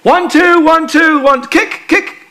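A man putting on a bossy male bystander on the shore, yelling swim instructions at someone drowning. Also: very high voice, takes it slowly, voice pushed up, heavily acted. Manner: bossy, shouted coaching.

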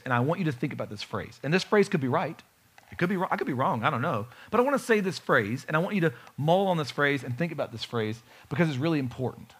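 Male pastor, lively sermon delivery, rhetorical questions, bright slightly high voice. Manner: animated preaching with rhetorical questions to the congregation. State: has a bad knee.

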